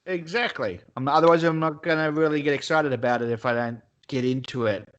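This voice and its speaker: Joking Australian bloke, slightly higher voice. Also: male voice, brisk, a bit bright, lo-fi sound. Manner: joking, theorising banter. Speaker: podcast co-host. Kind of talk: casual chat. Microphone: video call.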